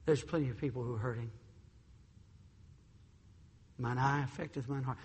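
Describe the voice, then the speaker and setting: A male pastor preaching with great passion, his high, bright voice dropping to a hushed, husky intimacy before climbing into urgent shouts. The sermon rings through a large church with a long, lingering reverb. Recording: reverberant hall.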